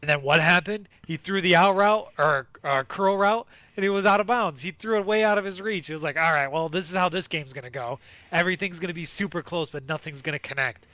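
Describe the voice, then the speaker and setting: A man's voice: high voice, a little fast, bright, forceful tone, no room sound. A man co-hosting a casual sports podcast, rambling with lots of fillers and restarts. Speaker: podcast co-host.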